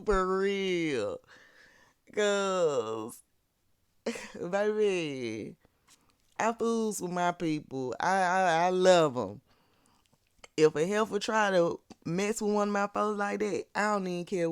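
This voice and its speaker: A speaker from Birmingham, Alabama with a Southern accent, giving sassy, animated casual commentary on a reality show and laughing often. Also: mid-range voice, normal speed, clean tone, dry recording, studio quality.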